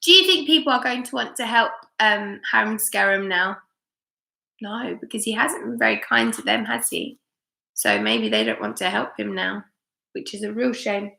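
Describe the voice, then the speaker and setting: A woman teacher reading a picture book aloud live for children, slow and expressive, asking her listeners questions. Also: mid-range voice, gravelly. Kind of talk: live read-aloud story time. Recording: echoey room.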